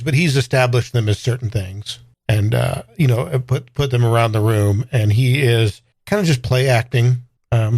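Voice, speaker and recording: A man's voice: medium pitch, a little mellow, dry recording. Hesitant male tabletop player. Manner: hesitant, filler-heavy, thinking aloud. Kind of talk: tabletop game role-play.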